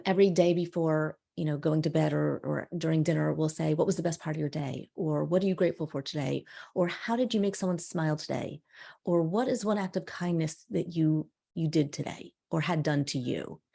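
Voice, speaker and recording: A woman's voice: sits low, vocal fry. A middle-aged woman guest on a podcast, telling stories with energy and acting out quoted dialogue. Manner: animated storyteller, acts out quoted dialogue. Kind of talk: casual podcast conversation.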